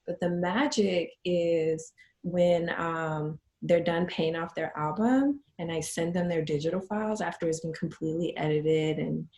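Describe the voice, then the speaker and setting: Middle-aged woman, interview guest, warm storyteller, voices her clients. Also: fairly low pitch, a little slow, roomy sound. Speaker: guest, photography business owner. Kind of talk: conversational interview.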